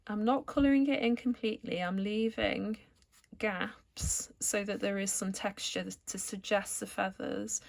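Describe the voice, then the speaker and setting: A woman calmly explaining each step of a watercolour painting as she works, as an art tutor. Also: mid-range voice, creaky. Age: adult, returned to art after school years. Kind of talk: painting tutorial narration while working.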